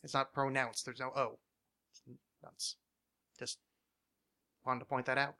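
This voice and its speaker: A man's voice: mid-range voice, level tone, measured pace, vocal fry, sharp tone. A man hosting a casual podcast, ranting with lots of swearing and restarts. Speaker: podcast host.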